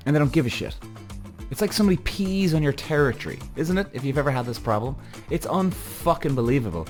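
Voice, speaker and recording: A man hosting a podcast, telling a story in an exasperated rant full of swearing. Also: lowish voice. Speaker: podcast host. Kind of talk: ranting podcast monologue.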